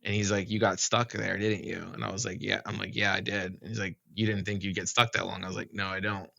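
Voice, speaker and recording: A man with a low, gravelly voice tells a story in loose, casual talk and keeps coming back to "like". His tone has a bright, forceful edge. The recording is dry and a little dull. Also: flat delivery, quick pace, dry recording. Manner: rambling, full of "like" and "you know". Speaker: podcast guest.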